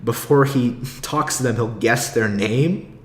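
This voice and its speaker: A man's voice: medium pitch, slow pace. Profane rambling young man, echoey room. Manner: rambling, profane, laughs often. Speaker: aspiring stand-up comic. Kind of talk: casual solo podcast monologue.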